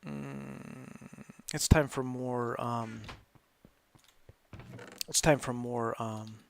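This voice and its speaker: A man's voice: medium pitch, fairly even intonation, drawn-out words, creaky, slight background noise. A man hosting a live game stream, chatting casually and rambling, often breaking into laughs. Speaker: host of a live gaming stream. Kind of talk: casual gameplay commentary.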